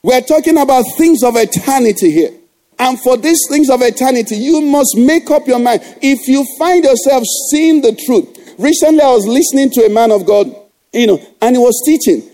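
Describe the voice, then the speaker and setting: High-pitched preaching pastor, dark tone. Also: male voice, animated, moderate pace. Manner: exhorting, rhetorical questions to the congregation. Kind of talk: sermon.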